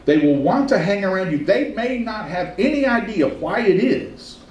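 Pastor preaching in a roomy church. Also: male voice, high-pitched, lively intonation, darkish tone, highs cut off, a little hiss or hum. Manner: folksy storytelling, slows for emphasis. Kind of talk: sermon. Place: church sanctuary. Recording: roomy church sound from a distance.

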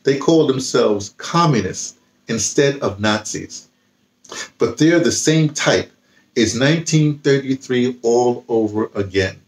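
A man reading aloud the lines of a weary, bruised woman politician, in a slow, measured way. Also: medium pitch, animated, echoey room. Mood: bitter.

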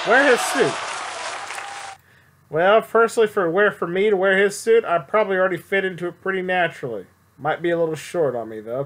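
A man's voice: high voice, a bit bright. A young man chatting playfully and rambling as he plays a game show video game. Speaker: gameplay commentator. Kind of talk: casual gameplay commentary.

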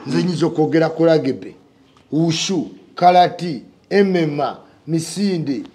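A man chatting on a talk show, animated and storytelling, mixing English words into his speech. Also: on the high side, a little slow. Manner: animated storyteller, mixes English into Luganda, often asks "okitegeera?". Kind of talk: casual political chat.

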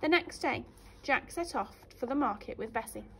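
A teacher reading a fairy tale aloud to young children in an animated, sing-song way. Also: female voice, on the high side, moderate pace, slight background noise.

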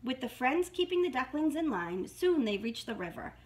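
A woman's voice: sits high, very animated, moderate pace, few pauses. A woman reading a storybook aloud to young children in a sing-song manner.

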